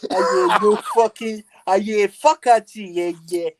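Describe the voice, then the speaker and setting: A man's voice: high voice, unhurried, no room sound. A man bantering crudely on a livestream, teasing and cackling with laughter. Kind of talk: casual banter.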